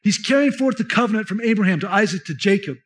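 A pastor preaches with a notably high voice for a man, talking through scripture in a conversational style. He stresses his key points with emphasis and addresses the congregation directly. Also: expressive, fast talker, fairly bright tone. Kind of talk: sermon.

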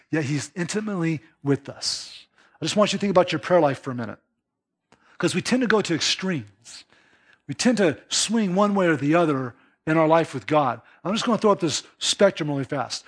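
Male preacher, high voice, animated delivery with hushed emphases. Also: breathy edge. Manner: animated preaching, acts out little quoted voices, drops to a hush for emphasis. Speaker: pastor. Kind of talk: sermon.

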